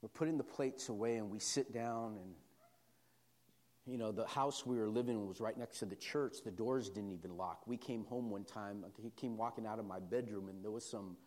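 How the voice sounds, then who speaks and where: A pastor preaching a sermon, moving from quiet personal storytelling to loud, repetitive call-and-response preaching. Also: male voice, on the low side, normal speed, long reverb tail.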